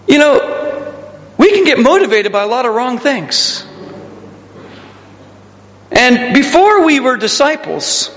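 A man's voice: very high voice, unhurried, pauses often, a bit bright, long reverb tail, lo-fi sound. A male pastor preaching a conversational sermon, asking the congregation questions and telling stories.

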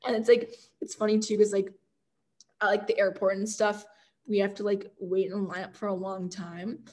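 A young woman from Canada telling stories in a casual interview, chatty and animated, full of "like" fillers and laughter. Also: medium pitch, moderate pace. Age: young adult. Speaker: guest, college football kicker.

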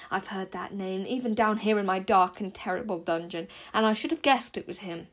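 A young woman reading aloud, voicing a hateful male lake monster that spits its words out low and menacingly. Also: fairly quick, fairly bright tone, lightly acted. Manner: spitting, bitter, low and menacing.

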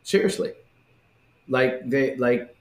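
Animated guy in casual church talk, acts out quotes, echoey room. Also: medium pitch, slow pace. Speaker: speaker in a religious discussion. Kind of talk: casual religious discussion. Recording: roomy echo.

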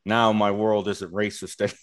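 A man in casual chat, talking haltingly with many fillers and casual swearing. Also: lowish voice, flat delivery.

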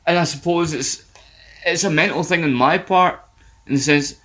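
A man's voice: on the high side, moderate pace. A man co-hosting a podcast, chatting casually and laughing often as he recaps a sitcom episode. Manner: animated, laughs a lot, self-deprecating. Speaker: podcast co-host.

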